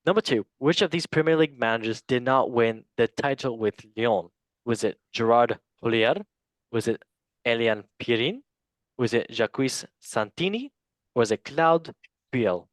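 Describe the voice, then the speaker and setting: A man's voice: mid-range voice, normal speed, no room sound. A man hosting a casual football quiz, joking and stumbling over French names. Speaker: quiz master.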